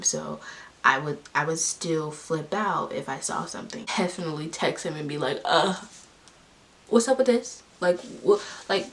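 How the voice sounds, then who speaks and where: A young woman telling a personal story to her viewers in an emphatic, candid way. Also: low voice. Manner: emphatic, talking straight to viewers. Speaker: vlogger. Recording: voice a bit far from the mic, faint hiss.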